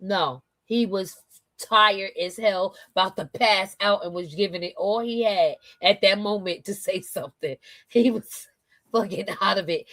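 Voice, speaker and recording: A woman's voice: mid-range voice, fairly bright tone, dry recording. A woman co-hosting a podcast and livestream, talking casually in slang and laughing often. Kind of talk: casual chat.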